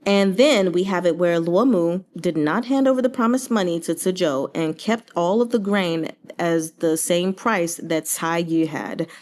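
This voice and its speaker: A young woman chatting casually about a novel she is reading along, animated and sarcastic, with jokey voices for the characters. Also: lowish voice, unhurried, few pauses. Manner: animated, sarcastic asides and silly put-on voices. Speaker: book reviewer reading along.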